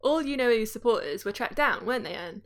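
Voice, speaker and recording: A woman's voice: fairly high pitch, expressive, quick pace, a bit bright. A British woman voicing a chatty, gossipy young male bus conductor from a storybook.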